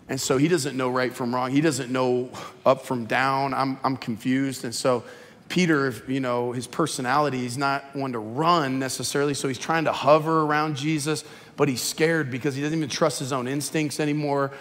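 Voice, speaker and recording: A man's voice: medium pitch, moderate pace. Impassioned male pastor in an echoey hall. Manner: impassioned and conversational, often dropping quiet. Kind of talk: sermon. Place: large church auditorium. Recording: echoey reverb of a large hall.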